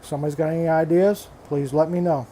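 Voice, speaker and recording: Older male hobby vlogger, blunt and fed up, mellow tone, faint room noise. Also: fairly high pitch, fairly even intonation, quick pace. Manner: exasperated, blunt, swears freely; repeats himself, restarts phrases. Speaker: reef aquarium hobbyist vlogger. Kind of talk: frustrated casual rant.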